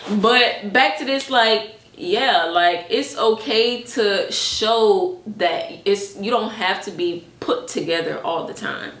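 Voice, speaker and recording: A woman co-hosting a casual podcast, chatting with lots of filler words and acted-out quotes. Her voice sits at a middle pitch. The room has a noticeable echo. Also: slow, few pauses. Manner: chatty, many "like" fillers, animated quoted asides. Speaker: podcast co-host. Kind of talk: casual chat.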